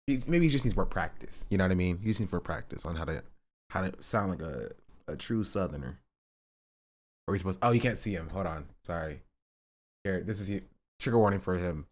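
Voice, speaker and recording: A man hosting a casual reaction stream, rambling and amused as he talks to his chat. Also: low-pitched.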